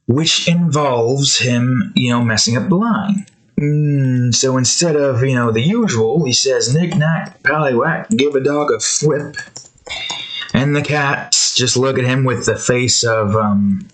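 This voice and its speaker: A man's voice: medium pitch, low-quality recording. Rambling man chatting casually. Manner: meandering, many fillers and restarts. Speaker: art vlogger.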